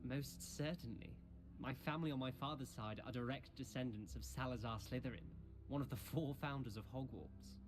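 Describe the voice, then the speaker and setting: An actor playing a polite, refined young male student in a video game, courteous and measured. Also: medium pitch, natural voice.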